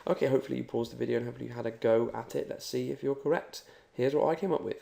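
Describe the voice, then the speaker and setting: Gravelly upbeat man teaching. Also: medium pitch, racing, mellow. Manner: upbeat, talks straight to the learner. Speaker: Spanish teacher. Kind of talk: recorded language lesson.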